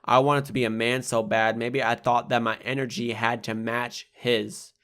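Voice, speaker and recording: A man's voice: mid-range voice, level tone, normal speed, a bit bright. Young man reading blunt rhythmic poetry. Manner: rhythmic, rhyming delivery with blunt swearing. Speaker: poet reading his own book. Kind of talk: spoken-word poetry reading.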